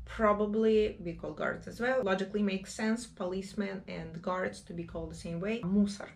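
A woman who speaks natively, teaching English-speaking learners, explaining and repeating words slowly and carefully. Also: medium pitch, fairly even intonation, creaky, slight background noise. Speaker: Russian language teacher. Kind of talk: language lesson commentary.

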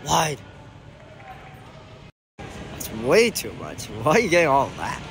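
A man giving excited sideline commentary on an amateur indoor soccer game, shouting and groaning at the plays and calling out to the referee. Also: a little high, takes it slowly, background noise.

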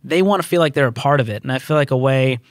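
A man's voice: medium pitch, no room sound. Affirming male podcast host, dry sound. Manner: affirming, measured. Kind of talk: interview questions.

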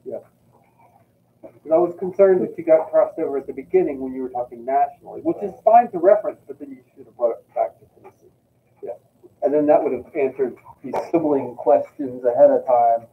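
A teacher with a mid-range voice leads a class critique in a school classroom, speaking quickly in a direct, coaching manner. The recording sounds tinny and distant, with a noisy room around him.

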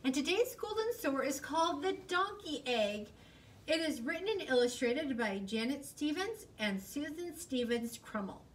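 A woman librarian reading a picture book aloud to children in an expressive, sing-song storytelling voice. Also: high voice, moderate pace, far from the mic, a little hiss or hum. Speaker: school librarian.

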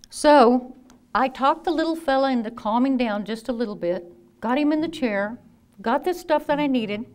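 A woman in her fifties, a nurse telling lively anecdotes in a talk and acting out the people she quotes. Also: fairly high pitch. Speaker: nurse and speaker. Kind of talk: storytelling talk.

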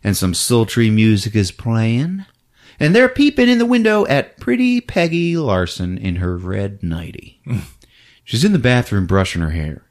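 Animated laughing man recapping a movie. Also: on the low side, measured pace. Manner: animated, laughs often, acts out characters. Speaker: podcast host recapping a film.

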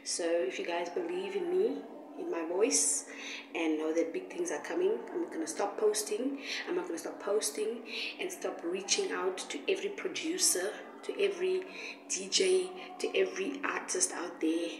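A woman's voice: on the low side, fairly even intonation, moderate pace, noisy background. A woman street singer speaking to her viewers with earnest, determined encouragement, recorded outdoors on a street. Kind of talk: motivational vlog address. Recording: roomy, distant mic with faint street ambience.

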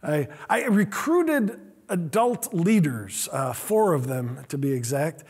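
A man's voice: on the high side, big pitch swings, takes it slowly, darkish tone, husky. A middle-aged man, a pastor, telling a story in a sermon in an earnest, self-deprecating way. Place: church sanctuary.

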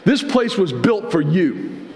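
A male pastor giving a conversational live sermon, repeating phrases and climbing in pitch to press his points. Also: big pitch swings, takes it slowly. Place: church sanctuary. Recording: roomy church with long reverb.

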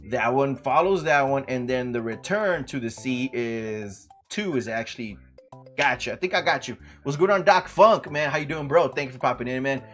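A man streaming a game with a wildly animated voice that swings into loud, high yelps, cursing at the game and greeting viewers by name. His talk is casual and full of trash talk. Faint music plays underneath. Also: moderate pace. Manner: loud sudden outbursts jumping high in pitch. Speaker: livestreamer. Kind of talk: casual gaming livestream commentary.

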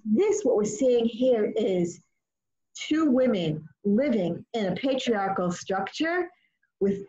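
A woman leading an informal study session, retelling stories in an expressive, animated way. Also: fairly high pitch. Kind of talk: informal teaching talk. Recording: muffled lo-fi audio.

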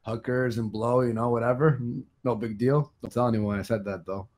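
A man's voice: medium pitch, steady tone, moderate pace, a little mellow. Crude joking male guest. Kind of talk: casual profane group chat.

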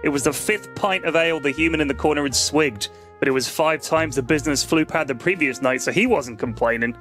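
A man reads a comic story aloud on a podcast in a deadpan way. His voice sits a bit high for a man. Faint music plays in the background. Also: a little fast. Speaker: podcast host reading a story. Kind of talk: comedic story reading.

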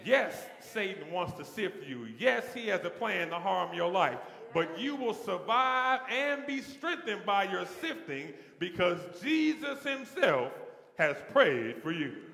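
A male pastor preaches with a high, bright, tense voice that carries a gravelly edge. He builds his points through repetition, rising in force as he goes. The sound is roomy, with the long reverb of a large sanctuary. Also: very animated, takes it slowly. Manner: preaching with rising call-and-response intensity. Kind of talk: sermon.

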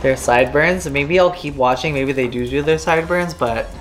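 A man's voice: a little high, normal speed, faint music behind. A man in drag hosting a comedic makeup tutorial, campy, playful and self-mocking. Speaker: drag queen host.

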